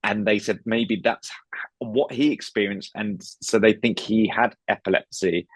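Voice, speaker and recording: A man's voice: on the low side, steady tone, a little slow, slightly rough, dry recording. A British man, a comedian guest, chatting casually on a podcast with frequent stammered restarts. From United Kingdom. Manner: stammering restarts, acts out voices.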